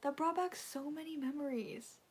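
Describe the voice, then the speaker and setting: A woman's voice: high voice, normal speed. A young woman chatting on a casual fan livestream, rambling and gushing with lots of fillers, emotional and close to tears.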